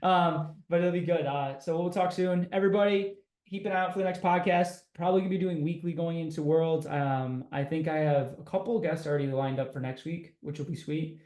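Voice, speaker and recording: A man hosting a casual podcast, upbeat and energetic, talking like a buddy. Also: a little high, a little fast, few pauses. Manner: upbeat, energetic, says dude and bro. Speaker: podcast host. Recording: roomy echo.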